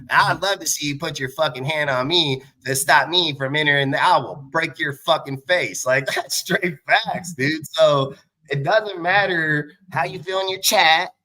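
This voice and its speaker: Male, 40s, live show host: swearing, combative, boastful rant, very sharp and forceful voice pitched a bit high. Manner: rapid bursts of speech. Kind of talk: profane angry rant on a livestream.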